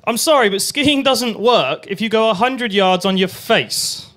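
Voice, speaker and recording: A man's voice: high-pitched, unhurried, a bit bright. A young man performing a crude stand-up set at an open mic night, acting out voices and sounds. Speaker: stand-up comedian.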